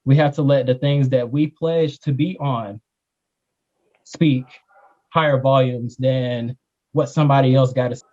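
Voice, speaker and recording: Blunt panelist man, dark tone, restarts his words, dull lo-fi call sound. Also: mid-range voice, steady tone, a little slow. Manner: emphatic, blunt, repeats words when starting. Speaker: panelist, fraternity member. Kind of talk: panel discussion.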